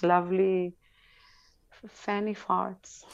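A woman's voice: medium pitch, level tone, very slow, dry recording, highs cut off. A woman on a talk show giving frank sex advice, laughing easily between points. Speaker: sex educator guest.

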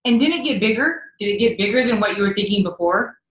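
A woman guest coach speaking gently and encouragingly in a casual interview. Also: medium pitch, expressive, quick pace. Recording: roomy echo.

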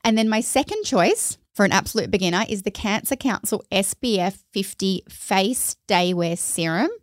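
A woman co-hosts a relaxed beauty podcast, chatty and enthusiastic, often slipping into quoted voices. Her voice sits at a middle pitch. The sound is dry and close. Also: moderate pace, dry recording. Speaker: podcast co-host. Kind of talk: casual beauty chat.

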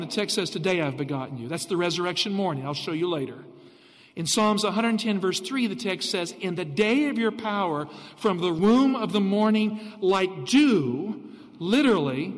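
A man preaching a radio sermon, reading scripture slowly and with emphasis. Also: high-pitched, a bit bright, in a large hall. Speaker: pastor.

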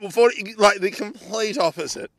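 An Australian man, a comedian and podcast co-host, telling a long story in casual chat, animated and swearing freely as he acts out the people in it. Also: sits high, normal speed.

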